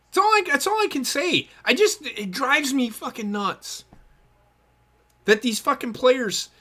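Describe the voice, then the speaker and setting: A man's voice: extremely high pitch, expressive, unhurried, pushed and bright. A man co-hosting a casual sports podcast, ranting bluntly and cursing heavily. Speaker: podcast co-host.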